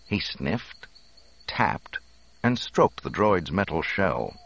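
A man narrating a storybook in an expressive, dramatic reading. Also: sits low, slow pace, breathy edge.

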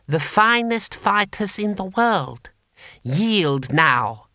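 A man voicing an excitable male imperial tax official who speaks high and slow. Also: dry recording, studio quality. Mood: proud.

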